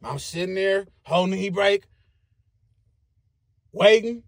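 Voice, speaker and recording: A man, telling a story casually in a very high, husky voice. He talks in an animated, profane way and makes his own sound effects. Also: slow, no echo, studio quality.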